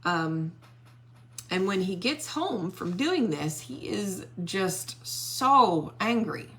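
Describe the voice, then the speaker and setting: A woman teaching a Bible study, retelling a scripture story in an animated, conversational way and acting out the characters' lines. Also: medium pitch, slow pace.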